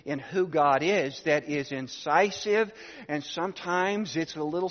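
A man's voice: fairly high pitch, measured pace. A man in his sixties, a pastor preaching a sermon, telling a family story and putting rhetorical questions to the congregation. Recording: dull sound with long hall reverb.

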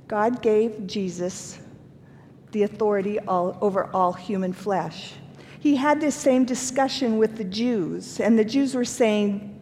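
A woman's voice: unhurried, a little mellow. A woman giving a recorded Bible lesson in an earnest way, asking her listeners questions. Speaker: Bible teacher. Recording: reverberant room with faint rumble.

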